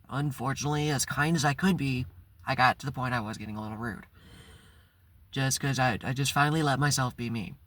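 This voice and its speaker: A man hosting his own channel tells a personal story in a casual vlog, candid and blunt and swearing freely. His voice is medium-pitched, pushed and bright, on a dry recording.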